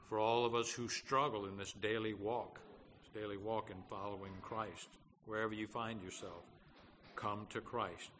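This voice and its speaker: Man, pastor, sermon, earnest, halting fillers, emphatic peaks, bright tone, long church reverb. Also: on the low side, fairly even intonation. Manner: earnest, with frequent fillers and restarts, rising to emphatic declarations. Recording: long hall reverb, faint background noise.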